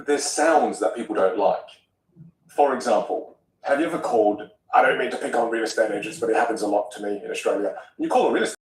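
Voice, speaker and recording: A man talking as a vocal coach in a podcast conversation, animated and acting out example voices. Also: mid-range voice, fairly quick, echoey room, recorded from a distance, poor audio.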